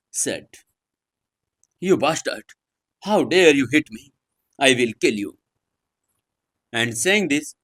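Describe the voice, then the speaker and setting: A man with an Indian English accent narrates a serialized story at a slow, unhurried pace. His reading is halting, with restarts and stress that lands unevenly from line to line. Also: medium pitch, a bit bright.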